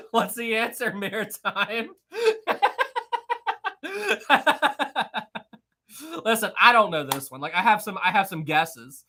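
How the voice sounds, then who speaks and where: A man's voice: high-pitched, normal speed, sharp tone. A young man hosting a live history quiz stream, reading chat aloud, teasing viewers and laughing often.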